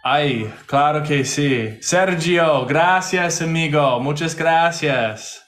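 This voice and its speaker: Slow-talking man over loud music. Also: on the high side. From Florida. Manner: slow, friendly greetings. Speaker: guest streamer. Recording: echoey with loud music behind.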